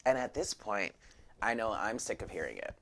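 A woman's voice: a bass voice, expressive, normal speed, a bit bright, slight background noise. A woman giving a casual spiritual tarot reading, talking frankly and emphatically, swearing freely and dropping into whispered asides. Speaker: tarot reader.

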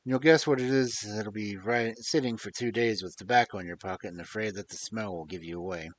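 A man reading aloud and voicing a bold, genial older gentleman with a mellow voice and a half-American, half-English accent, speaking loudly and confidently. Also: lowish voice, a little fast, voice pushed down, lightly acted. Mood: hearty. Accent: mixed American and English. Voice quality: mellow, pleasing. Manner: loud, hearty, confident.

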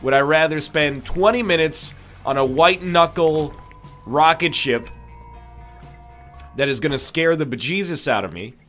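Here the same kind of nasal, stuffed-up gamer talks over faint music, his voice a little high and a bit bright. He takes his time, pausing often, as his jokey let's play commentary drifts from tangent to tangent.

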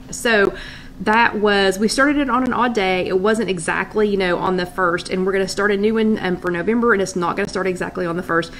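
A woman's voice: mid-range voice, a little hiss or hum. A woman hosting a casual live chat from her loft, greeting viewers by name and thinking aloud as she reads comments. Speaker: host of a live wellness chat.

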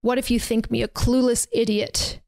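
A woman's voice: fairly high pitch, level tone, normal speed, gravelly, a little mellow, no room sound. Chatty woman recapping a movie. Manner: chatty, retells scenes with quoted dialogue and fillers. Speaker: podcast host.

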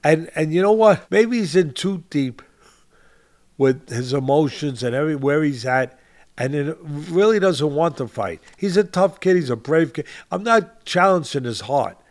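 This older boxing-podcast host has a slightly high, mellow voice with lively intonation, delivered at a moderate pace. Emphatic and impassioned, he hammers points by saying them again and addresses his co-host by name.

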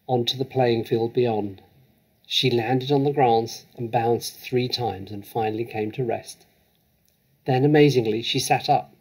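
A man reading a children's story aloud with measured, expressive narration. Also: mid-range voice, slightly rough, low-quality recording. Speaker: story reader.

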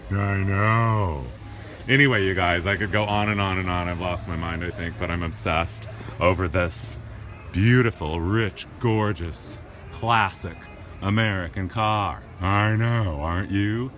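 A man's voice: low-pitched, moderate pace, a bit bright, slight background noise. A man gushing over a classic car in a showcase video, full of over-the-top exclamations.

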